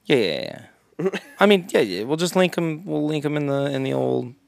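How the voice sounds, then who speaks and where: Gravelly joking man. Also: fairly high pitch, animated, moderate pace, no echo. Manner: joking, laughs often, slips into silly impressions. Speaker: podcast co-host. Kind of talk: casual chat.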